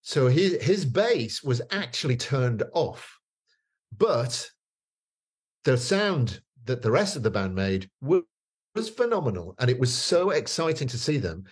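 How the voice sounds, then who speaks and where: A man's voice: medium pitch, very animated, unhurried, slightly rough. A man, telling stories as a guest in a casual chat, rambling with many fillers and restarts. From northeast England.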